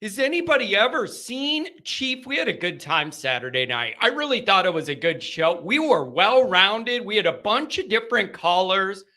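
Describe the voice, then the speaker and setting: A man hosting a live fan call-in show, chatting casually in an excitable, rambling way and laughing often. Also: sits high, normal speed, few pauses.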